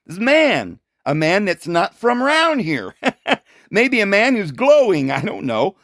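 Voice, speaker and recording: A man talks through scripture in a loose, conversational teaching style, tossing out rhetorical questions and little laughs. His voice sits high and swings widely in pitch. The sound is close and dry, with no room around it. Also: no room sound. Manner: animated, full of rhetorical questions and quick chuckles. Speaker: Bible teacher. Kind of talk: informal Bible commentary.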